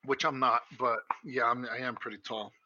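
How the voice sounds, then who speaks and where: Young man, very bright husky voice, rambling crude stories, swearing, muffled lo-fi recording. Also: mid-range voice, flat delivery, moderate pace, no echo. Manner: rambling crude storytelling, heavy swearing, frequent laughter. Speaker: podcast co-host. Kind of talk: casual chat.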